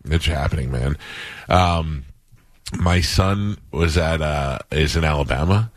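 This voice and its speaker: Deep-voiced middle-aged male radio host. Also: slow, no echo. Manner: rambling storyteller, chuckling at himself. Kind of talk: casual radio talk. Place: radio studio. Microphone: close studio mic.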